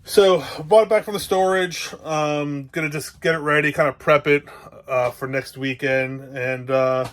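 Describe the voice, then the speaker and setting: A man's voice: fairly high pitch, fairly even intonation, a little slow. A man with a New Jersey accent, vlogging casually from inside a travel trailer and showing off gear in a rambling, upbeat way, with lots of fillers. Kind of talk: casual show-and-tell vlog.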